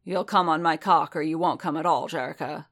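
A woman reading the lines of a calm, commanding adult man, firm and unhurried. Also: low-pitched.

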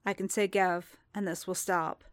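Woman reading as a hesitant young man in a storybook, quiet, strained, middle pitch, dry sound. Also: little pitch movement, normal speed, no echo, close to an everyday voice.

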